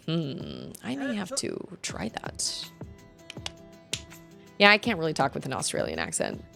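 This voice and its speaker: A woman's voice: medium pitch, wildly swooping pitch, measured pace, gravelly, fairly bright tone. A woman streaming a game, chatting casually with viewers and reading game dialogue aloud in playful voices. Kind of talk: casual gameplay commentary. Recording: faint game music behind.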